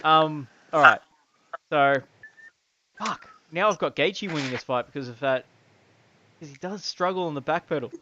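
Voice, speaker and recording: A man's voice: a little high, moderate pace, pauses often, dull audio, noisy background. A man co-hosting a casual fan podcast, swearing freely, laughing often and rattling off lists of names. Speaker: podcast co-host. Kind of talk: casual chat.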